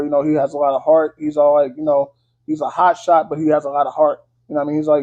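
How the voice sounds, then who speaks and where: A man's voice: on the high side, fairly even intonation, fast talker, warm tone. A man casually recapping a movie in a loose, slangy, swear-heavy way, full of fillers. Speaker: movie reviewer. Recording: dull lo-fi audio.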